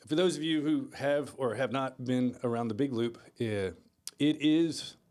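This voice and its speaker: Podcast guy telling a story, relaxed, gets quiet and low when it turns serious. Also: measured pace. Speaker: podcast co-host. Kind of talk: casual chat, storytelling.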